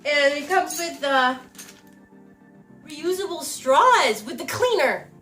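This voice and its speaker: A woman's voice: high voice, expressive, slow, loud music behind the voice. A young woman YouTuber gushing and giggling as she unboxes a gift on camera at home. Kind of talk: casual emotional unboxing chat. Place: home recording with someone filming. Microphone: camera mic, person filmed by someone else.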